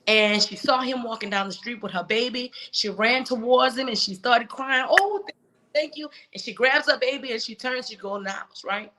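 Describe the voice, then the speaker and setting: Woman guest, higher and bright voice, heartfelt storytelling. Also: normal speed, hardly any pauses. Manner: emotional, acts out quoted dialogue. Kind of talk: personal storytelling in a talk show.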